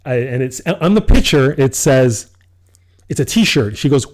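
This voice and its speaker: A man's voice: medium pitch, animated, measured pace. A man co-hosting a podcast, telling a personal story in casual chat, acting out his own quoted lines and laughing often. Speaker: podcast co-host.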